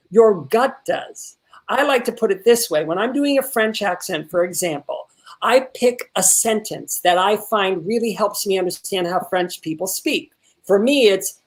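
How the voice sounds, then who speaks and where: Animated man coaching actors over a video call. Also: high voice, normal speed. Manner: animated, swears casually, repeats words when excited. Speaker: acting teacher. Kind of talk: coaching an actor in an online workshop.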